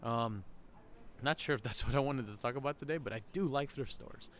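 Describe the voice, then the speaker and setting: A podcast host rambles casually in a vlog-style monologue at an outdoor shopping center, laughing often. His voice is medium-pitched, fairly quick and a bit bright, with a little hiss or hum and faint crowd ambience outdoors.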